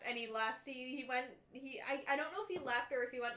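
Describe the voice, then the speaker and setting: A young woman chatting casually while building a model, telling a school story with lively acted-out quotes. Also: sits high, a little fast, reverberant. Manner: animated storytelling, acts out quotes. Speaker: stream co-host.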